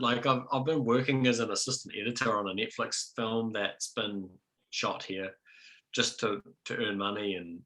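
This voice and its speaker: A man's voice: lowish voice, sharp tone, poor audio. A young man with a New Zealand accent, a filmmaker guest chatting casually and self-deprecatingly, with many fillers. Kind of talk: casual video-call discussion.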